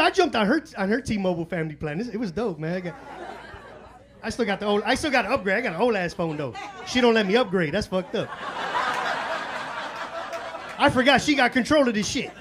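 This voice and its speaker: A man's voice: high-pitched, expressive, fast, a crowd in the background, noisy background. A man in his forties from Chicago doing a stand-up comedy set in a club, with loose, profane street talk full of fillers.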